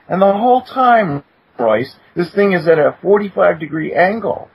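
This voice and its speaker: A man telling a story in casual talk, animated, breaking into high exclamations when he quotes someone. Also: brisk, creaky, breathy edge. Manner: animated, acts out quoted speech with sudden high-pitched exclamations. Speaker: guest, attorney. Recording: muffled lo-fi recording.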